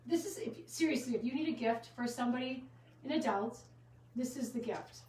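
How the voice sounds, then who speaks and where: A woman's voice: fairly high pitch, a little fast, darkish tone, echoey room, recorded from a distance, a little hiss or hum, poor audio. A woman running her gift shop's live sale, chatting casually and giggly, wandering onto side topics as she shows products. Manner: chatty, giggly, goes off on tangents. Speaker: gift shop owner hosting a live sale. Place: inside a small gift shop with a trickling fountain.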